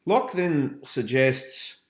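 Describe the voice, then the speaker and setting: A man teaching philosophy in a relaxed revision lecture, thinking aloud with frequent ums. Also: mid-range voice, drawn-out words. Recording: roomy echo.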